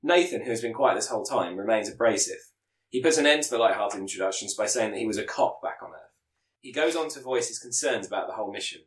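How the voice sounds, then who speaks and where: A man reading out a scripted plot pitch as a podcast co-host, sometimes stumbling and correcting himself. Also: quick pace, reverberant, poor audio. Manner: reads with stumbles and self-corrections.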